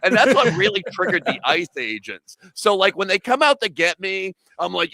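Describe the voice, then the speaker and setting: Brief: male activist guest, gravelly bright voice, dry close sound, loud absurdist delivery with shouted bursts. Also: high-pitched, big pitch swings, normal speed, hardly any pauses, dry recording. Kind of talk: comedic interview chat.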